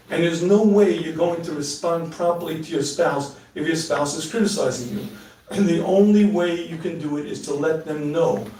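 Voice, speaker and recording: A middle-aged man with a high-pitched voice gives a live talk and answers questions from the audience. He is animated and joking, and laughs at his own asides. He is picked up from a distance in an echoey hall. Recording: echoey room, mic at a distance.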